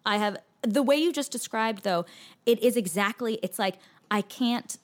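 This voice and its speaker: A young woman sits in for a casual podcast chat, her voice sitting a little high. She talks in animated bursts full of fillers and false starts. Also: moderate pace. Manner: animated, many restarts and fillers. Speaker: podcast guest, actress and author.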